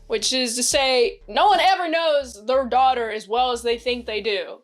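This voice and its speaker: A woman casually recapping a TV episode, chatty and excitable, filling her talk with "like". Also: on the high side, moderate pace, few pauses, faint music behind. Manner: chatty and excitable, heavy use of "like", acts out quoted lines. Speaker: series reviewer.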